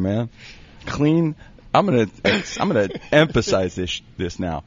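A man's voice: medium pitch, sing-song, measured pace, breathy edge, dry recording. A man rambling through a comic recipe bit, joking and breaking into laughter. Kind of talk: comedic banter, reading a recipe aloud. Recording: dull lo-fi recording.

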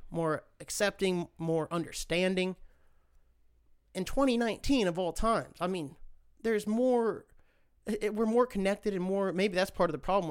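High, smooth-voiced man ranting. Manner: profane, rambling, sarcastic. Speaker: podcast host. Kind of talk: casual solo podcast rant.

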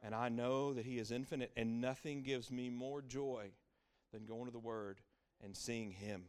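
With a clean tone and normal speed, a middle-aged pastor preaches in a mid-range voice whose intonation stays fairly even. His delivery leans on emphatic repetition, dipping into hushed words and rising to loud exclamations.

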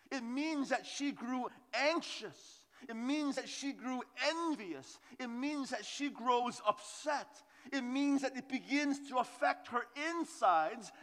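A male pastor preaching a sermon in an earnest, conversational way, dropping to soft hushed asides, in a church with a long hall reverb. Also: very high voice.

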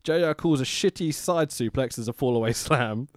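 A podcast host chats casually about wrestling with friends, laughing and swearing freely. His voice is medium-pitched at a normal speed, recorded with studio quality and no echo.

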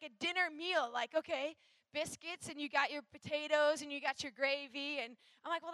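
A woman's voice: extremely high pitch, pushed and bright, no room sound. A woman from Minnesota giving a chatty, rambling youth sermon, full of fillers and asides.

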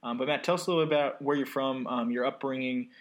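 A man's voice: mid-range voice, steady tone, quick pace. A man in his twenties hosting a casual podcast interview from an apartment, joking and teasing his guest. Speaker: podcast host.

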